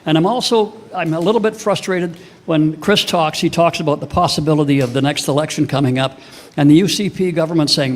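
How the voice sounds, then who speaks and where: A man's voice: fairly high pitch, brisk. An older man with a Canadian accent giving an impassioned political speech, emphatic and full of rhetorical questions. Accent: Canadian English. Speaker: speaker at a political event.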